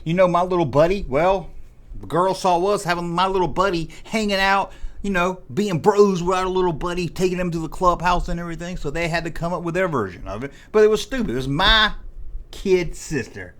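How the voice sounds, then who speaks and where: A man's voice: high-pitched, fairly quick, fairly bright tone. A man in his forties hosting a comedic rant, sarcastic and full of mock exasperation. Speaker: host.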